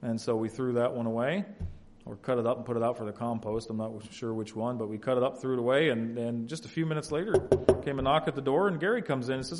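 A man preaching an expository sermon, shifting between quiet, folksy asides and loud, emphatic passages. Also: mid-range voice, steady tone, fast, slight background noise. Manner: folksy family anecdotes, laughs at own stories. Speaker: pastor.

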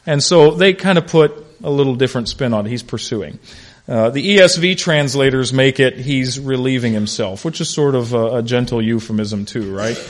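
A man leads a Bible class in a relaxed, conversational way. He tells stories with plenty of animation and turns to class members by name. His voice sits in an ordinary middle pitch. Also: moderate pace. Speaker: pastor teaching a Bible class.

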